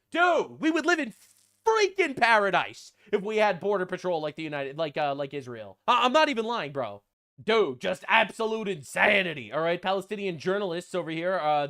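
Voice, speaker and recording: A man's voice: sits high, fairly bright tone. A man hosting casual political reaction commentary, blunt, crude and sarcastic, full of slang. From United States.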